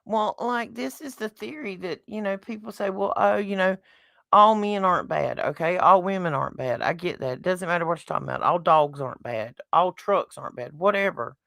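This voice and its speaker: A woman's voice: on the low side, animated, fairly quick, vocal fry, fairly bright tone, dry recording, clean studio sound. A middle-aged woman with a Southern US accent, co-hosting a casual chat and making her points bluntly with folksy, homespun analogies. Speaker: podcast co-host.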